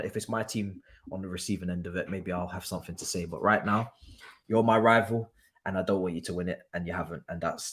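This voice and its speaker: A young man with a deep but fairly bright voice hosts a football watchalong stream. He rants emphatically in casual livestream chat, repeating himself and laughing along the way.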